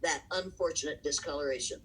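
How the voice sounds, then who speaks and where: A woman's voice: deep voice, brisk, fairly bright tone, slight background noise, low-quality recording. A woman giving impassioned, emphatic answers as an interview guest over a video call, pressing her points with rhetorical questions and breaking into laughs between them. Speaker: interview guest, diversity educator.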